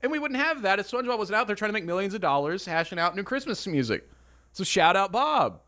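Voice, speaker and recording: Playful lively male podcast co-host. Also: high voice, fast. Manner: playful, laughs often. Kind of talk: casual chat.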